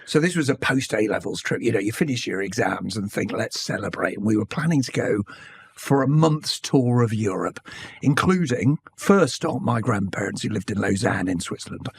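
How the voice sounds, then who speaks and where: Gravelly British man recalling his past. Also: on the low side, lively intonation, no room sound, clean studio sound. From Britain. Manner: candid, anecdotal, measured. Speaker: interview guest, broadcaster. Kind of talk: reflective conversational storytelling.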